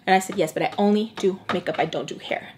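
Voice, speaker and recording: A woman's voice: mid-range voice, fast, slight background noise. A young woman, a makeup artist telling a long storytime while she eats, chatty and acting out what others said. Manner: chatty, acts out quoted voices, drops into Spanish slang. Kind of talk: storytime chat while eating.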